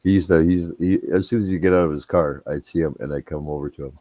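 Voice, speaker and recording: A man's voice: low-pitched, steady tone, quick pace, dark tone, no room sound. A man telling rambling, profane anecdotes in casual chat. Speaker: storyteller.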